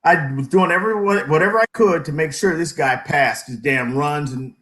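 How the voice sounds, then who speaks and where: A man, an Army veteran, telling lively war-story anecdotes in casual panel chat and laughing at his own tales. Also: fairly high pitch, normal speed, echoey room, a loud crowd, rough recording.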